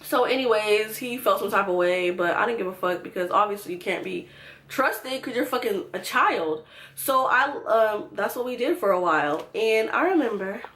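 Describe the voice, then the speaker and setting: A woman's voice: mid-range voice, lively intonation, moderate pace, a bit bright. Casual young woman ranting to viewers, cussing, exasperated storytime vlog. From Georgia, US. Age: young adult. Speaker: vlogger.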